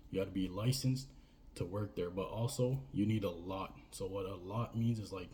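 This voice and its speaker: A man's voice: low-pitched, normal speed, warm tone, a little hiss or hum. A man giving casual business advice in a rambling way, often tagging his points with "right?" and "you know." He. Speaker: business coach.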